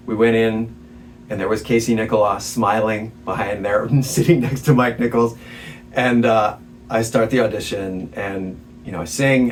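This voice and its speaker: A man, a stage actor, telling a story as an interview guest in a candid, animated way, laughing between remarks. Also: on the low side. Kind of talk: casual storytelling. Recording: distant mic, faint background noise.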